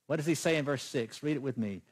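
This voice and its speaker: A man's voice: medium pitch, fast, husky. A man preaching a sermon as pastor, emphatic and putting questions to the congregation.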